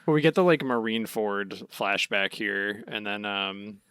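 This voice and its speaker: A man's voice: on the low side, a little slow, a bit bright, smooth, no echo. A man co-hosting a casual podcast, laid-back and giggly as he recaps the story. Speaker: podcast co-host.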